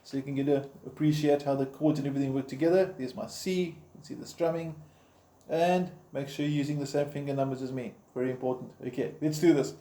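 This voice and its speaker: A man's voice: medium pitch, fairly even intonation, quick pace, warm tone. A man teaching guitar step by step in an informal, encouraging way, counting the beats aloud as he plays. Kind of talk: step-by-step instruction. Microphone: camera framing the guitar. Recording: roomy echo with guitar playing.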